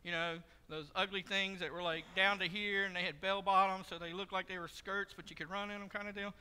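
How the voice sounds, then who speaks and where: A pastor giving a sermon in a church, telling stories in a conversational, joking way. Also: male voice, high voice, flat delivery, a little fast, sharp tone, clear, resonant tone. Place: church sanctuary. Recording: long hall reverb.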